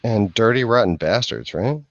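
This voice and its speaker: Deep gravelly man, casual rambling. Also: expressive, normal speed, dry recording. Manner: rambling, restarts, swears. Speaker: podcast host. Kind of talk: casual chat. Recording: dull lo-fi dry sound.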